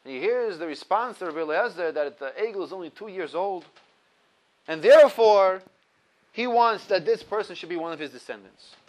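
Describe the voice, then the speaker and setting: Man, 30s, high voice, teaching Torah with lively, emphatic storytelling. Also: moderate pace, poor audio. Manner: laughs at his own stories. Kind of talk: explaining a religious text to a class.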